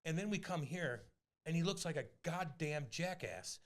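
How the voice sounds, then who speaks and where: A man co-hosting a podcast, ribbing his co-host with loud, profane storytelling in casual banter. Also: fairly high pitch, expressive, normal speed.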